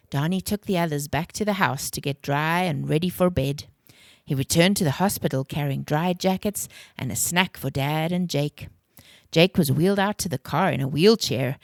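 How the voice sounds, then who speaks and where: A low-pitched woman reads a children's novel aloud, calm and clear. Her voice sits close and dry, with no room around it. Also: dry recording. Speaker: storyteller.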